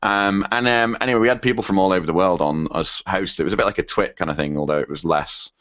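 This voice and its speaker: A man's voice: sits low, steady tone, quick pace, a bit bright. A man in his thirties co-hosting a podcast in casual chat, rambling with lots of ums while he reads listener emails. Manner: rambling, frequent ums and self-corrections. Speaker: podcast co-host. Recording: dull lo-fi dry podcast audio.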